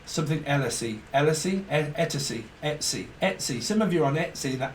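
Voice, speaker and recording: A man's voice: a little high, animated, fairly quick, few pauses, distant mic. A man giving a casual tarot reading, rambling and free-associating with jokes. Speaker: tarot reader. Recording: echoey room, off-mic, faint hiss.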